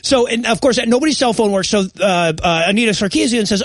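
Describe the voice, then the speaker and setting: A man's voice: high-pitched, animated, fast, few pauses, fairly bright tone, no room sound. A man co-hosting a comedy podcast, recapping a bad movie in a rambling, sarcastic way with frequent laughs. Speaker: podcast co-host.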